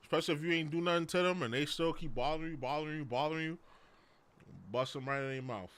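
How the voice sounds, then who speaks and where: A man's voice: fairly high pitch, fast talker, fairly bright tone, smooth. A man in casual chat who speaks bluntly and matter-of-factly.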